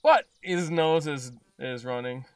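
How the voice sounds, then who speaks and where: A man narrating a tabletop game as dungeon master, pausing often with ums and uhs. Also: fairly high pitch, clear, resonant tone, dry recording, clean studio sound. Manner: hesitant, many fillers.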